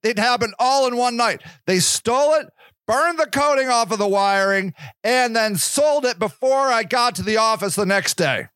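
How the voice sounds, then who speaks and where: A man's voice: very high-pitched, lively intonation, moderate pace, a bit bright, clean tone, no echo. A man hosting a podcast, telling a story in a rambling, casual monologue, swearing freely and stumbling over repeated words. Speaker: podcast host.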